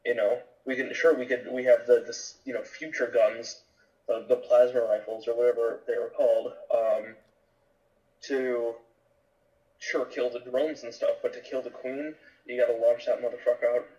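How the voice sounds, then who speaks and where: A man's voice: medium pitch, level tone, moderate pace, warm tone, far from the mic, lo-fi sound. A man co-hosting a podcast, chatting about movies in a laid-back, hesitant way with many ums. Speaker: podcast co-host. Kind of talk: casual movie chat.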